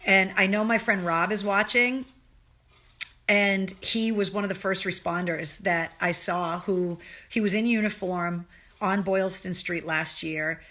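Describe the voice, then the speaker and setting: A woman's voice: mid-range voice, steady tone, unhurried, fairly bright tone. A woman hosting a casual livestream for her viewers, talking earnestly and emotionally, swearing freely and restarting her sentences as she goes. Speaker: livestream show host.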